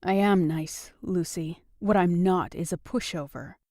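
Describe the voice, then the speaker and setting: A woman's voice: fairly low pitch, a little slow, dry recording, clean studio sound. A woman voicing a patient but frank young man in an audiobook. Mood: blunt. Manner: calm but blunt. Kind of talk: audiobook dialogue reading.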